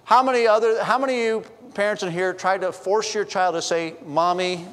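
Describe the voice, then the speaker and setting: A man's voice: high voice, fairly even intonation, a little fast, a bit bright, long reverb tail. A middle-aged man preaching a sermon as a pastor, telling funny family stories and bantering with the congregation. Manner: storytelling with humor, chatty asides to the congregation. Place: church sanctuary.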